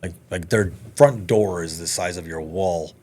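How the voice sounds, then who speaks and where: A man, a podcast guest, telling a story in casual conversation, animated, swearing freely and acting out the dialogue. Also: sits low, a little slow, a little hiss or hum.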